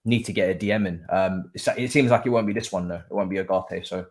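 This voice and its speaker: A man, a guest pundit in casual football chat, animated and repeating phrases with frequent ums. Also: sits low, fast.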